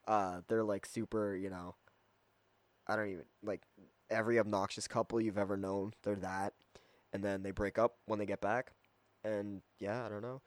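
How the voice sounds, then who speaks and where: Rambling low-voiced man reviewing a film. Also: little pitch movement, moderate pace, no room sound. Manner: rambling with many fillers and acted quotes. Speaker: movie reviewer. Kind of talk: casual spoken film review.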